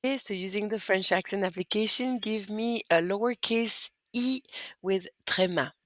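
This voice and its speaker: A woman's voice: mid-range voice, moderate pace, a bit bright, no echo. A woman teaching French as she walks students through typing accent marks, patient and step by step. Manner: clear, patient step-by-step instruction. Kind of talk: screen-recorded lesson walkthrough.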